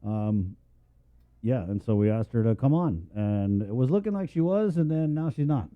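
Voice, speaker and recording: A man co-hosts a morning radio show in loose, joking banter. He rambles as he talks, in a voice of middling pitch. The sound is thin and tinny, like a phone line. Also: expressive, moderate pace.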